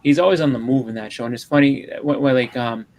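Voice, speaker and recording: Fast-talking Boston man with a gravelly voice. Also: mid-range voice, a little mellow, poor audio. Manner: rambling, repeats words while talking. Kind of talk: casual chat.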